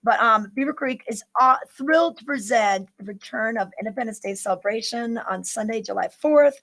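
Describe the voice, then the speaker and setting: A woman's voice: on the high side, moderate pace, fairly bright tone, poor audio. A woman hosting a live morning news show, chatting upbeat and running through local events with plenty of fillers. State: out of breath.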